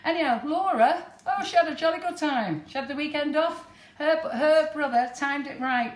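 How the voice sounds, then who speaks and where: A woman's voice: high voice, moderate pace. A woman with a broad northern English accent chatting her way through a live baking demonstration in a kitchen, laughing often. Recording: roomy kitchen with background noise.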